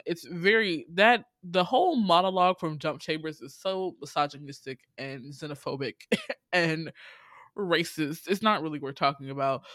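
A young adult podcaster talks through a movie plot in a loose, rambling way, with plenty of swearing, fillers and bursts of laughter. The voice sits at a middle pitch and is recorded up close with almost no room sound. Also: fairly bright tone, no room sound. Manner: swears freely, laughs often, quotes characters; rambling, many fillers and asides. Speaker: film recap podcaster. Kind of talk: casual profane movie recap.

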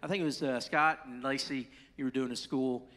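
A man pastor preaching in a conversational way, with quick asides to the congregation. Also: medium pitch, steady tone, fairly bright tone. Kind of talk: sermon. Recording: long hall reverb.

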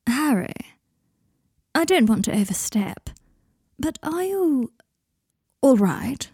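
A woman reading fan fiction aloud, voicing a languid, sly young wizard man with a slow drawl. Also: high voice, very animated, warm tone, slightly rough, no room sound, clean studio sound, voice pushed up, exaggerated voice.

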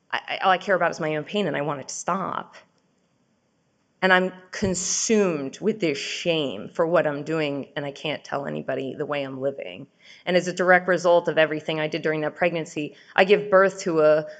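A woman giving a personal recovery testimony, speaking in a raw, candid way that swings between urgent and hushed. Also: low-pitched, creaky. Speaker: speaker sharing her recovery story.

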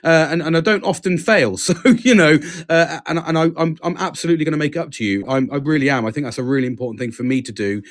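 Earnest man, halting chat. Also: on the high side. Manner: earnest, halting, swears casually. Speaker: podcast host. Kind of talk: casual chat.

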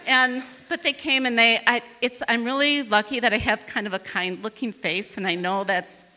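A woman's voice: fairly high pitch, normal speed, long reverb tail. A woman from northern Wisconsin telling a funny personal story to an audience, acting out the voices of the people in it. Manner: lively, acts out quoted voices.

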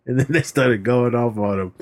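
A man's voice: mid-range voice, normal speed, darkish tone. Laughing, swearing American man recapping a movie. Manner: laughs often, swears freely, restarts sentences while recalling scenes. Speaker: podcast co-host. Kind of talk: casual movie recap chat.

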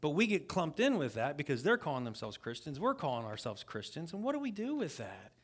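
A man's voice: a little high, huge pitch swings, fairly quick, slightly rough. A man giving a conversational sermon as a guest preacher at a church service. He is casual and earnest, often restarts his sentences and speaks straight to the congregation. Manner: casual and earnest, with frequent restarts and asides to the listeners.

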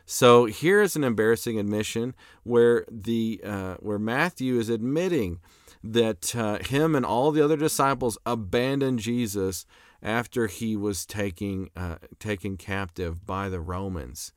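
A man's voice: lowish voice, a little slow, dry recording, clean studio sound. Casual man lecturing on scripture. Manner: conversational with frequent fillers and restarts, reads scripture aloud. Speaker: apologetics lecturer.

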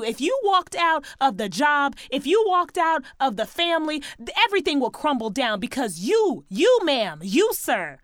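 A woman's voice: sits high, big pitch swings, moderate pace, few pauses, dry recording, studio quality. A woman hosting her own podcast, giving upbeat, preachy encouragement in a sing-song way. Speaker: podcast host. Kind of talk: upbeat motivational solo podcast.

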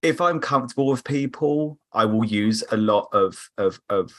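A man's voice: lowish voice, moderate pace, fairly bright tone. Chatty man with a South London accent. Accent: South London English. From England. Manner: chatty, storytelling with quoted voices. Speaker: podcast guest. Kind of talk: casual chat.

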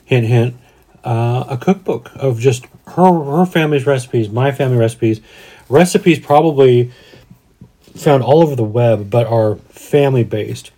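A man's voice: mid-range voice, unhurried, dark tone. A man in his forties from Denver, co-hosting a casual podcast and talking in a rambling, reflective way with frequent restarts. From Denver, USA. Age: 40s. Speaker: podcast co-host. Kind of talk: casual chat.

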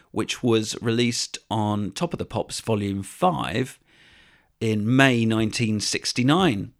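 A man hosting a podcast, presenting scripted narration in a measured, even-handed way. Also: mid-range voice, gravelly. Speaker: podcast host.

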